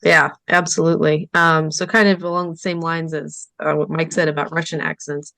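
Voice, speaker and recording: A chatty female podcast guest who fills her talk with "um" and "like". Her voice is unusually low for a woman. The sound is dry and close. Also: level tone, brisk, vocal fry, fairly bright tone, dry recording. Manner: chatty, many fillers like "um" and "like". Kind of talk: casual movie podcast chat.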